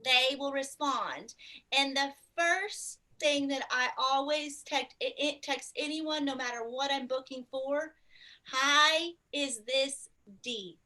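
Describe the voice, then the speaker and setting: Bright-voiced woman speaking steadily, a little distant from the mic. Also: high voice, a little slow. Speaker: sales consultant. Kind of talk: casual group chat.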